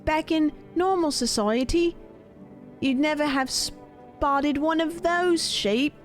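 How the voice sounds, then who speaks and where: A woman's voice: sits high, slow, faint music behind, pitched above the performer's own voice. A woman putting on a wobbly British pack-leader man. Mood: preachy. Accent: attempted British. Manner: preachy, shaky put-on accent. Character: swaggering adult man, ruthless pack leader preaching.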